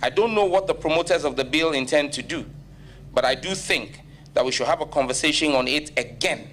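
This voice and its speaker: A man's voice: a little high, a little fast, fairly bright tone, a little hiss or hum. A man with a Ghanaian accent answering as a nominee at a parliamentary vetting, firm and emphatic. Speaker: ministerial nominee.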